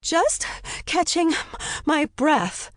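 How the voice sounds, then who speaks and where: A woman's voice: sits high, very animated, drawn-out words, no echo, pitched above the performer's own voice, full character voice. Woman voicing a flustered mother, breathless. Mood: protesting. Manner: raised, protesting. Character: Jane, a mother out of breath on a bike.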